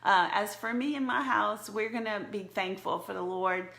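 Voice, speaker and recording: A woman's voice: mid-range voice, steady tone, moderate pace, vocal fry, a bit bright. A woman talking earnestly and candidly into her phone for a live video, with frequent small laughs. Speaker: church media director. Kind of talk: heartfelt live video talk. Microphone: phone camera for a live stream. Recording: echoey room.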